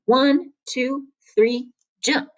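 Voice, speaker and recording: A woman's voice: high-pitched, very slow, pitched above the performer's own voice. A woman voicing a sly male frontier gambler who talks in an offhand, folksy drawl.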